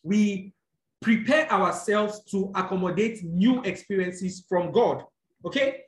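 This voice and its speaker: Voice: medium pitch, slow. A preacher teaching a sermon, explaining scripture step by step, often checking in with the listeners and correcting small slips. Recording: echoey room.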